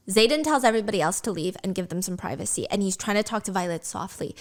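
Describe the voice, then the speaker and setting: A woman retelling a story in a casual, animated way with swearing and chatty asides. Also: mid-range voice, a little fast, hardly any pauses.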